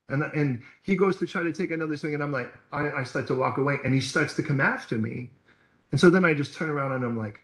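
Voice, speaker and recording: Male pastor, slightly high voice, lively storytelling sermon, echoey church hall recording. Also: fast talker. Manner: storytelling preacher, acts out quoted voices.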